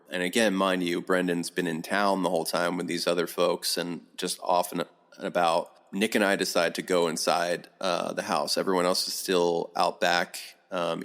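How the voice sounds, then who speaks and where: A middle-aged man, a podcast guest, telling a long rambling story in casual talk, animated and swearing often. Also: deep voice, gravelly.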